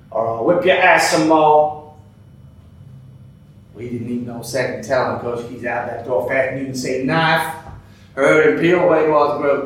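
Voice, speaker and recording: An actor playing an older, bigoted night-shift cook who tells a rambling, folksy story in a drawl, captured on an echoey stage from afar. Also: male voice, medium pitch, distant mic, a little hiss or hum, lightly acted. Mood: grumbling. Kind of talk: theatrical monologue.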